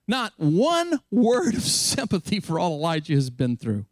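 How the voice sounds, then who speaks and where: A man with a high, light voice preaches a sermon, retelling scripture with dramatic flair. The sound is dry and close, with no room echo. He shifts his delivery to act out the story. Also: huge pitch swings, measured pace, few pauses. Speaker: pastor.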